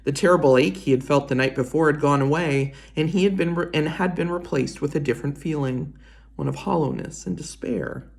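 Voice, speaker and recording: A woman reading a children's chapter book aloud in an expressive storytelling voice. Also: sits low, fairly quick, creaky. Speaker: reader.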